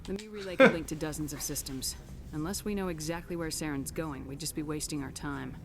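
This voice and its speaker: An actress playing a calm female starship commander who talks in a level, matter-of-fact way in a video game. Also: low-pitched, a little fast. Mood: steady command. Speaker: squad commander.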